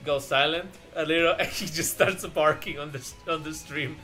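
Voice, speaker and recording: A man's voice: fairly high pitch, fairly even intonation, moderate pace, sharp tone, faint music behind. A man hosting a casual art stream, chatting with friends, laughing often and rambling with restarts. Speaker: streamer host.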